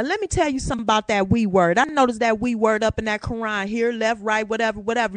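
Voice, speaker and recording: Woman host with an African American Vernacular English accent, talking from her room. Slightly high voice, lively and preachy, with street slang. Dry, close sound. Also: brisk, few pauses, no echo. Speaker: talk show host. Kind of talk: casual religious talk show monologue.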